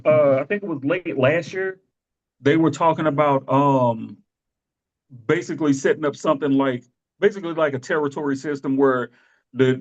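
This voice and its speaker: A man co-hosting a casual wrestling podcast, telling stories with lots of laughter and acting out the people he quotes. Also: mid-range voice. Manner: animated storytelling, quotes people in exaggerated voices, laughs often. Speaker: podcast co-host. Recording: dull lo-fi sound.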